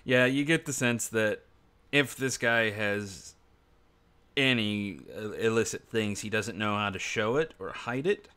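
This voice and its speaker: A man's voice: lowish voice, unhurried, clear, resonant tone. A man running an online tabletop role-playing game on stream, talking casually with fillers and frequent laughs. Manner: relaxed, laughs often, trails off with fillers. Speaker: game master.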